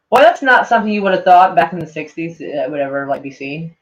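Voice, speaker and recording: A woman's voice: sits low, expressive, fast, hardly any pauses. A woman vlogger reading tweets aloud and reacting in a rambling, casual way, full of "like" and frequent swearing. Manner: rambling, heavy on "like", swears often. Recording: dull lo-fi sound.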